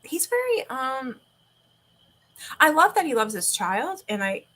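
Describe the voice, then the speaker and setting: A woman's voice: sits high, very animated, unhurried, sharp tone, rough recording. Chatty woman with a sore throat. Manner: chatty, rambling, casual swearing, frequent laughs. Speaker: livestream host. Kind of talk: casual livestream chat and reading aloud. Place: at home.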